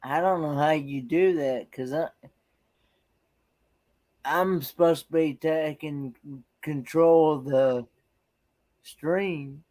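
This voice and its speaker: A man's voice: a little high, fairly even intonation, slow pace, pauses often, darkish tone. A man hosting a casual late-night livestream chat. He halts often and repeats words while he searches for what to say. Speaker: livestream host.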